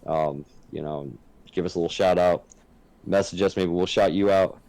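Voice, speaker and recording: A podcast co-host talks at a moderate pace in a steady, darkish voice that sits a little low. He's candid and sincere, cursing freely in the casual conversation. The recording is close-miked and dry, with no echo from the room.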